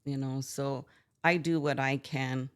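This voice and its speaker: A woman's voice: a bass voice, steady tone, a little slow, smooth. An older woman who is a podcast guest, telling family stories in a frank, earnest way. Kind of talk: candid conversational storytelling.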